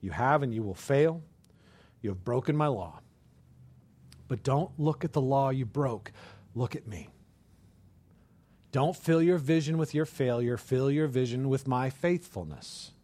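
A preacher voicing a gentle merciful God. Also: male voice, mid-range voice, expressive, measured pace, pauses often. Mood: tender.

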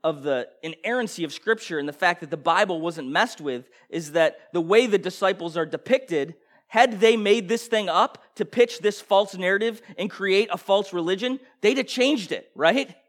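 A male preacher with a fairly high voice delivers an impassioned sermon. He pushes hard with rhetorical questions, then drops into quiet, intense stretches. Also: moderate pace. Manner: impassioned, swings from loud bursts to hushed intensity, rhetorical questions.

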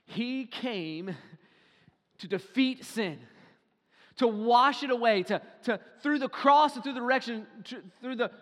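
A man preaches with a notably high-pitched voice, swinging from quiet, hushed passages to loud, pressing emphasis. His voice rings out with a long reverb in a large church hall. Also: a little slow. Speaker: pastor. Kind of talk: sermon.

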